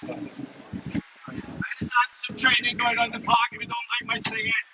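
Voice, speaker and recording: A man with a Welsh accent giving a protest speech and leading call-and-response chants outdoors, shouting and joking between chants. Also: very high-pitched, monotone, unhurried. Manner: shouting, leads the crowd in chants, jokey asides. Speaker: protest speaker. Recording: loud crowd and noise from a street protest. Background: loud crowd repeating chants.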